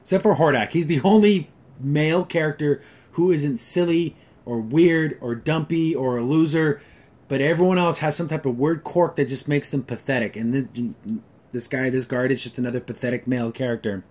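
A man's voice: a little high, normal speed, a little mellow, husky. A man hosting a casual episode review, ranting sarcastically and exasperatedly, full of fillers and restarts. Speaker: show reviewer.

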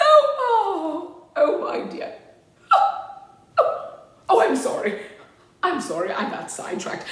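Giggly, animated woman reading to children. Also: fairly high pitch. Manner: giggly, theatrical, often exclaiming "oh dear". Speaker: children's storytime host. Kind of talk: playful storytime talk to children. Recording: very echoey room with faint music.

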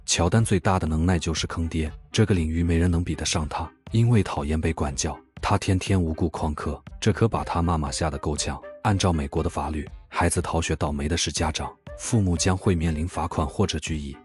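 Low-voiced guy narrating fast, kinda mocking and wry, faint music under him. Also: a little mellow. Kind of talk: fast scripted commentary voice-over.

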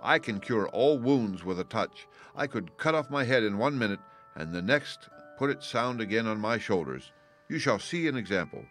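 A man's voice: fairly low pitch, expressive, moderate pace, fairly bright tone, faint music behind. A man voicing a bold, cunning young male hero who sounds cocky and offhand. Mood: carefree.

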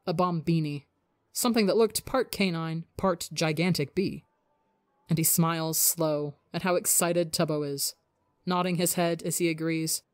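Woman reading a story aloud, fairly low voice, dry close sound. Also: moderate pace, a little mellow, dry recording. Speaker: audiobook narrator. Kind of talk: reading fan fiction aloud.

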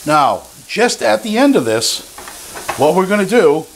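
A man's voice: high-pitched, sing-song, unhurried, gravelly, noisy background. A man hosting a cooking show, demonstrating a recipe in a playful, jokey and enthusiastic way.

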